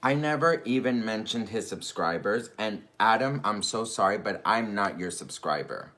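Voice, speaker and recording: A man's voice: lowish voice, lively intonation, normal speed, bright, forceful tone. A man making an indignant video, firing off rhetorical questions and repeating his points. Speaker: YouTuber defending himself.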